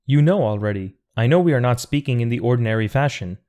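A thoughtful, defiant man arguing against eternity, read by a man in an audiobook. He talks earnestly and precisely, pressing each point at an average pitch. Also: animated, fast talker, dark tone, lightly acted. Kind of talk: audiobook reading.

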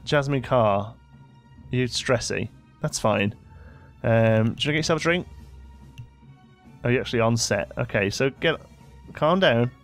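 Faint music plays behind a young let's play host whose medium-pitched voice is unhurried and full of pauses. He chats casually about the game while scolding his characters in mock frustration.

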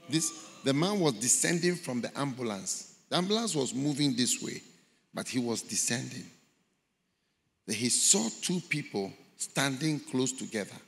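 A man's voice: medium pitch, vocal fry. A man preaching a sermon, telling a story dramatically and acting out the voices in it. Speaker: pastor. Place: large church hall. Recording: long hall reverb in a large church.

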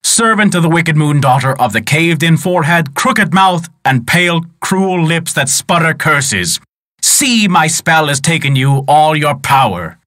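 A man's voice: fairly high pitch, lively intonation, measured pace, fairly bright tone, no echo, studio quality, pitched above the performer's own voice. A man voicing a great good wizard in a folk tale, speaking in stern, commanding pronouncements.

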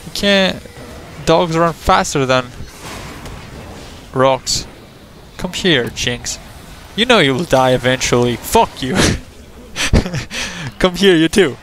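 Foul-mouthed excitable gamer guy. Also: takes it slowly, long pauses, slight background noise. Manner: excitable, profane trash talk at opponents; frequent laughter and sudden high yelps. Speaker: gamer recording his own match. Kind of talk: gameplay commentary.

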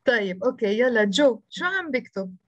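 A woman's voice: a little high, animated, very fast, no room sound, lo-fi sound. A woman with a Lebanese accent teaching an online beginners' language class over a video call, patiently spelling out letters one by one and encouraging her students. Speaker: Arabic teacher. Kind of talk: live online language lesson.

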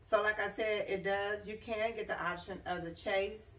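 A woman's voice: mid-range voice, steady tone, moderate pace, fairly bright tone. A woman, chatting casually to camera at home, calling her viewers y'all and girl. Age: 40s. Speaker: lifestyle vlogger. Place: at home, decorating a room.

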